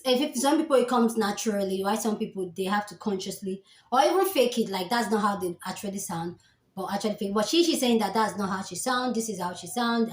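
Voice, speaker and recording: A woman with a Nigerian accent, hosting a reaction video and calmly explaining her view in casual commentary. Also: mid-range voice, reverberant. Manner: calm, explanatory, thinking aloud.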